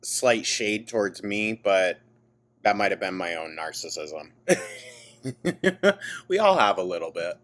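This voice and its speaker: A man co-hosting a chat show jumps in with blunt, profane remarks. He talks slowly, yet his pitch swings widely as he reacts. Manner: animated, blunt, swears, quick asides. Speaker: co-host. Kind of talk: casual chat.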